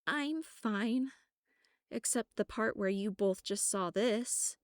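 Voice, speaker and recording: A woman reading an audiobook, voicing a young female shapeshifter who talks in a shaky, breathless, high-strung way. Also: takes it slowly, no echo, clean studio sound, close to an everyday voice. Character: frightened then bitter young woman shapeshifter.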